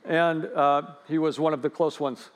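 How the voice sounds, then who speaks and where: A man preaching a sermon in an earnest way, swinging from loud stresses to hushed lines. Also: a little high, fairly even intonation, a little slow. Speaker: pastor.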